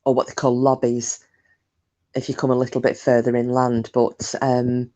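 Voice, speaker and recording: A woman's voice: rumbling low, monotone, moderate pace, dark tone. A woman chatting casually with her live stream viewers, talkative and self-mocking, swearing freely.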